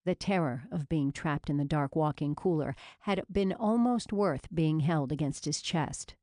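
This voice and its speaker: A woman with a low voice reading a romance audiobook. She tells the story in a measured, steady way. The recording is close and dry, with no room sound. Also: no echo. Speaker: audiobook narrator. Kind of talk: scripted romance novel narration.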